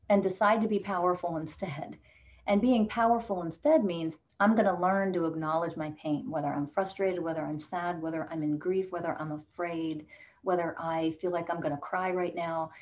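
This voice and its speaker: Impassioned woman coach, low voice, dull audio. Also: a little mellow. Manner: impassioned, emphatic, motivational. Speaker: relationship coach guest. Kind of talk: podcast interview.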